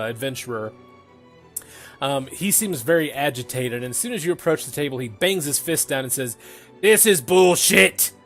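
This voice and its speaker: Casual young male game master. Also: medium pitch. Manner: casual, laughing, lots of fillers. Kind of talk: narrating a tabletop game.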